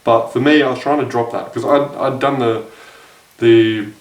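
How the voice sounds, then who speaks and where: A man's voice: medium pitch, fairly even intonation, normal speed, distant mic. A young man casually telling a dating story to camera, rambling with frequent restarts and self-corrections. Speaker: dating advice vlogger. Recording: echoey room, voice off-mic.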